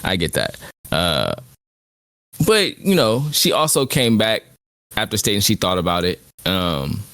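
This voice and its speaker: A deep, low-voiced man talks over anime on a casual podcast. He reasons out his views slowly and loosely, dropping slang, and his voice sounds dry and close to the mic. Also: sing-song, a bit bright, clean tone, no room sound. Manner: reflective, lays out his reasoning, drops slang. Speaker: podcast co-host.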